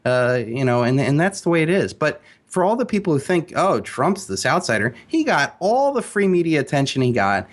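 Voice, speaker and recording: A man speaking as an interview guest, emphatic and animated, with frequent fillers and restarts. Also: a little high, normal speed, hardly any pauses. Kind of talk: casual interview talk.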